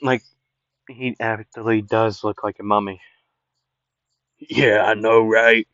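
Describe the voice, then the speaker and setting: A man's voice: lowish voice, fairly even intonation, slow pace, a bit bright, clean tone, no room sound, highs cut off. A man casually improvising a fan story, rambling with lots of fillers.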